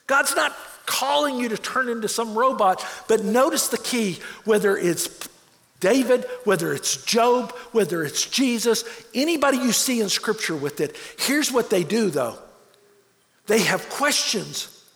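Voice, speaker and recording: A man's voice: high voice, vocal fry, fairly bright tone, in a large hall. A man preaching a sermon as a pastor, earnest, repeating words as he presses his points.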